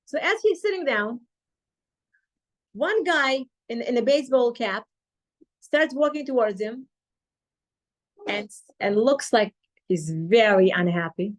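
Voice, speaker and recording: A woman teaching a Torah class, retelling a story with lively acted-out dialogue. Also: on the high side, takes it slowly, pauses often. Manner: animated retelling, acting out quoted dialogue.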